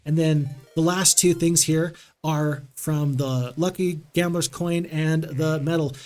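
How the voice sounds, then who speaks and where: A man's voice: fairly high pitch, steady tone, slow pace, darkish tone, soft background music. A man streaming a strategy game live, giving upbeat commentary as he thinks aloud and greets his chat.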